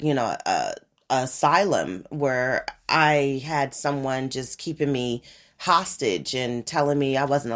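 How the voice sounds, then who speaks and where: A woman in her forties hosting a podcast alone, rambling in a profane, animated casual monologue. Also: very deep voice. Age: 40s. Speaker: podcast host.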